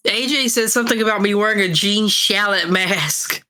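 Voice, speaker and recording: A man's voice: sits high, moderate pace, bright, forceful tone. A man co-hosting a podcast while sick, rambling casually with restarts and swearing. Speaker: podcast co-host. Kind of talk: casual chat.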